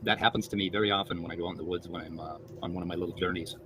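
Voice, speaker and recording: A man's voice: sits low, steady tone, racing, background noise. A man on a livestream telling a rambling joke in casual chat. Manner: joking, rambling.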